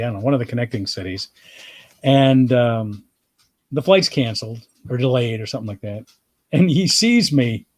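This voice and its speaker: A man chats through an old road story in a loose, rambling way, mid-pitched and unhurried. The sound is dry and close, with no room around it. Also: dry recording. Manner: relaxed rambling anecdotes with fillers. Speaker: comedian host. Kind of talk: casual storytelling chat.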